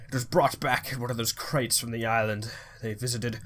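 A man voicing a worried male ship passenger writing to his wife, in a low, hushed voice that sinks toward a whisper. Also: steady tone, moderate pace, slight background noise, close to an everyday voice. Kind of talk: reading a game note aloud.

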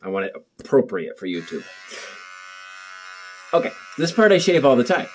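A man's voice: on the high side, big pitch swings, moderate pace, faint music behind. A young man vlogging at home in his bathroom, nervous and rambling, joking to the camera, recorded on a muffled built-in camera mic. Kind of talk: casual chat to camera.

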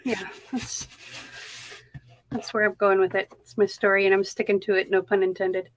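A woman's voice: medium pitch, little pitch movement, normal speed, no echo, rough recording. A woman with a Minnesota accent chatting casually on an art live stream, talking to herself as she works. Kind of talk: casual chat while crafting.

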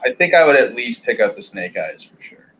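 A man co-hosting a casual toy chat, speaking in a relaxed, offhand way with some casual swearing. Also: mid-range voice, brisk, poor audio. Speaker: co-host on live chat. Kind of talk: casual live chat about toys.

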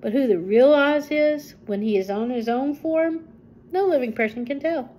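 An older woman voicing a kindly village man who explains things gently, in a storybook reading. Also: high voice, moderate pace, pitched above the performer's own voice, poor audio. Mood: explaining. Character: kindly village man, hurt leg, knowing.

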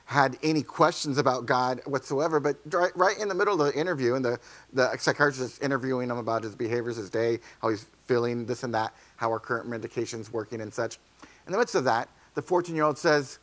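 A male pastor delivering a sermon, telling a story quietly and then rising into fervent, pleading preaching. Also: mid-range voice, quick pace. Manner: storytelling, swings from hushed to fervent. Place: church sanctuary.

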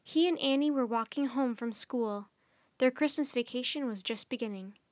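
A woman hosting a children's storytime, reading a chapter book aloud in a gentle, friendly, unhurried way. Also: on the high side, no echo, clean studio sound.

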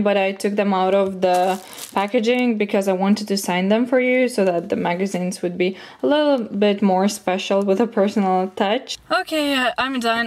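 Chatty young Lithuanian-born woman vlogger. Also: mid-range voice. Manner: chatty storytelling with many fillers. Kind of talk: casual vlog chat.

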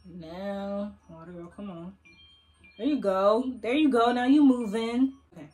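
A woman's voice: mid-range voice, unhurried, mellow. A young woman giving casual let's-play commentary at her computer, chatting to the viewers and coaxing and teasing the game characters. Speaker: gaming YouTuber. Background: faint game music.

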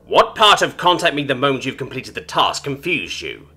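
Haughty female alien broker, read by a man, disdainful, formal, bright tone, animated pitch. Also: moderate pace, breathy edge, soft background music, exaggerated voice. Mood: annoyed. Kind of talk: storybook reading.

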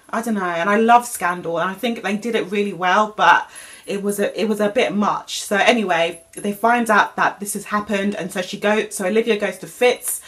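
A woman's voice: mid-range voice, a bit bright. Chatty young woman recapping. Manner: chatty and rambling, many fillers and restarts. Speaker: TV recap vlogger. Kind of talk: casual TV episode recap.

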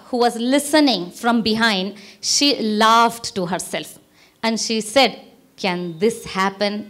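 A woman pastor with an Indian English accent delivers a sermon in a high, bright voice. She preaches emphatically, swinging up into exclamations and repeating her key lines for weight.

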